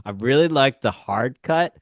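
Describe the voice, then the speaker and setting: Lively, teasing male podcast co-host. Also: mid-range voice, a little slow, dry recording, clean studio sound. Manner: animated, jokey, teasing. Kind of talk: casual banter.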